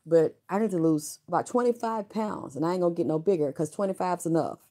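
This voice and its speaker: A middle-aged woman with a notably low, deep voice talks straight to her viewers. Her storytelling is candid and loose, wandering from point to point with blunt, salty words. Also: fast, warm tone. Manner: frank, rambling, salty, with profanity. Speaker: vlogger.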